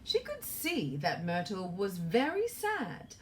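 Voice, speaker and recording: A woman's voice: mid-range voice, wildly swooping pitch, slow, a bit bright, a little hiss or hum. A woman author reading her children's storybook aloud in a playful way and asking the young listeners questions.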